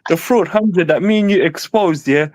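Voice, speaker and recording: A man hosting a heated fan debate over a video call, forcefully cutting in and repeating names to take the floor. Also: sits high, moderate pace, no echo.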